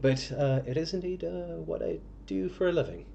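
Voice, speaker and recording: A man's voice: a little high, normal speed, gravelly, mellow, highs cut off, a little hiss or hum, pitched above the performer's own voice. A man voicing a polite male art dealer, courteous and modest in manner. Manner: courteous, politely self-deprecating.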